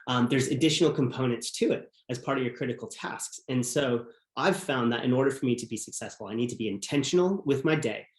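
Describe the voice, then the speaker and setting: A man's voice: medium pitch, quick pace, hardly any pauses. A man as a podcast guest, telling a personal story in an earnest, reflective way. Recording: roomy echo.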